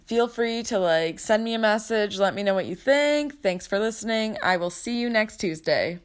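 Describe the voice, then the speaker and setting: A woman's voice: mid-range voice, expressive, moderate pace. A young woman hosting a casual podcast, retelling a night out in a chatty, dramatic way, full of "like" and swearing. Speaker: podcast host. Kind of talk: casual storytelling chat.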